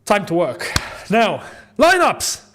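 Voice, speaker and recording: A young man hosting a live football watchalong, chatty and quick to laugh as he talks to his viewers. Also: high voice, wildly swooping pitch, a bit bright, a little hiss or hum. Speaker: football channel host.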